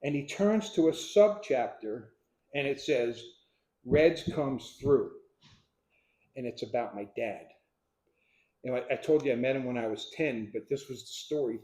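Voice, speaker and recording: A man in his sixties from Pennsylvania telling his life story to a live audience, acting out what people said as a lively storyteller. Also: mid-range voice, normal speed. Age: 60s. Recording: echoey room.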